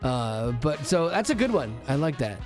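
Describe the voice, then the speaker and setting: A man's voice: on the high side, very animated, soft background music. A man hosting a radio show, joking and teasing as he chats with callers and his co-host. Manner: playful, teasing, quick with jokes. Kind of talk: joking morning radio chat.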